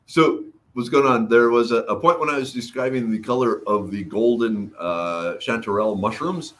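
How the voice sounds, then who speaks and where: Chatting casually on his livestream, a middle-aged host reads comments and welcomes viewers by name as his throat mends. His voice sits in the mid range and moves at a normal speed.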